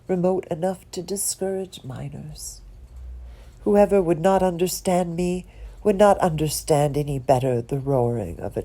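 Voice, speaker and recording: A woman reads poetry slowly and dramatically in a low, mellow voice. She lingers on words and sometimes sinks into a whisper. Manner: expressive, drops some words to a whisper; lingers on and repeats single words. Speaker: poetry reader. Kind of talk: slow dramatic poetry reading.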